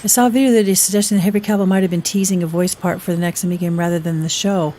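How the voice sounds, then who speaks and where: A woman's voice: fairly low pitch, fairly even intonation, very fast, warm tone, slight background noise. A woman live-streaming a game, chatting casually and rambling between game actions while she greets her chat.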